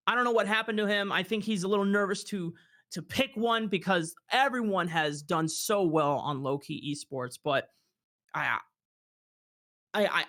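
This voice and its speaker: High bright-voiced excited esports caster. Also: male voice, gravelly. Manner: excited, shouting during fights. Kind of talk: play-by-play commentary.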